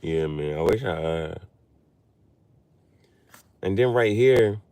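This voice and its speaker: Low-voiced guy, aave, rambling loose vlog talk, pitch jumps all over. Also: animated, takes it slowly, pauses often, warm tone. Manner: rambling, loose, with many restarts and fillers; spells out unfamiliar words letter by letter. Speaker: vlogger. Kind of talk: casual chat while reading.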